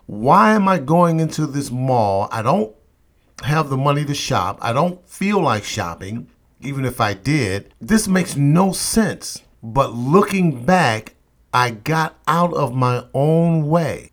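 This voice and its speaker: A man's voice: mid-range voice, expressive, takes it slowly, fairly bright tone. Emphatic man telling a personal story. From St. Louis area, USA. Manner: emphatic, repeats refrains for effect. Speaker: motivational podcast host.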